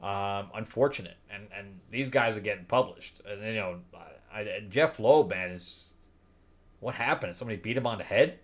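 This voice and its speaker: Exasperated man laughing through a review. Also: normal speed. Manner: blunt, exasperated, laughs often, swings from low mutter to loud disbelief. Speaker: comic book review host. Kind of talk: casual spoken review commentary.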